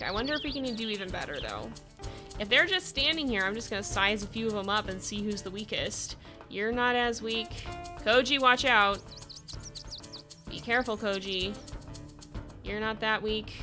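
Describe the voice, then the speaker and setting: A woman's voice: on the high side, bright, forceful tone. A woman streaming a game live, chatting with her viewers and urging her animals along, often breaking into giggles. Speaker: gaming streamer. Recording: game music under the voice. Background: background game music.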